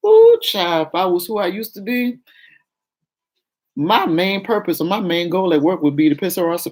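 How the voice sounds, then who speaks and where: A woman telling a personal story to her viewers in a casual chat, acting out the quoted voices by pitching up. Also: moderate pace. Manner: animated, acts out quoted voices with raised pitch. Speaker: vlogger.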